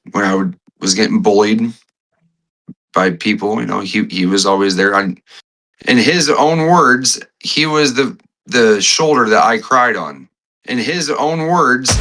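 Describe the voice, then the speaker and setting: A man with a bright, forceful voice that sits fairly low, speaking as a guest on a podcast. He tells his story haltingly, restarting sentences and repeating key phrases. He sounds a little choked up. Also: low-quality recording. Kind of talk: emotional conversational storytelling.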